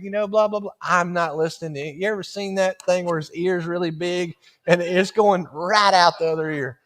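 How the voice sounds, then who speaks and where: A man's voice: sits high, a little fast, a bit bright. A man preaching in a folksy, humorous storytelling style, laughing through his stories. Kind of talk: storytelling sermon.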